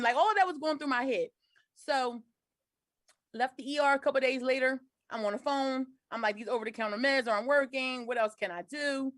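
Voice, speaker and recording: Woman in her 40s telling her story over a video call, highish voice, dry sound. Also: fairly bright tone, no echo. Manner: earnest, detailed storytelling. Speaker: guest sharing her story. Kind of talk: personal storytelling.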